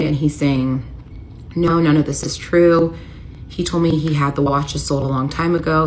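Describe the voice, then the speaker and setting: A woman's voice: low-pitched, slight background noise, rough recording. An American woman in her thirties telling an emotional personal story in a confessional storytime style. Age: 30s. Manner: emotional, rising to near-shouting when retelling the confrontation.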